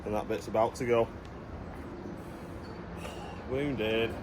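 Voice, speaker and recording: A man's voice: fairly low pitch, steady tone, slow. Chatty man working outdoors. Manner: chatty, jokey, talks to camera while working. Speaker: vlogger. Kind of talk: casual outdoor vlog chat. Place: outdoors on overgrown land. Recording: noisy outdoor background.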